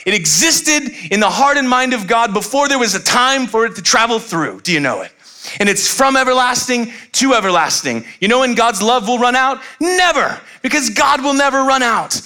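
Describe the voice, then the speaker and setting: A man preaching a sermon, moving from animated rhetorical questions to hushed, slow scripture reading. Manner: expressive preaching, swinging from loud animated peaks to quiet low passages; conversational asides and rhetorical questions. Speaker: pastor.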